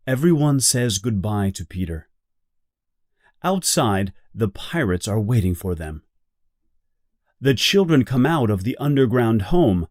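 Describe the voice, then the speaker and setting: Slow, deliberate male storybook reader. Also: lowish voice, dry recording, clean studio sound. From Brazil. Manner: clear, deliberate, expressive. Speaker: audiobook reader. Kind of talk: slow graded reader for beginners.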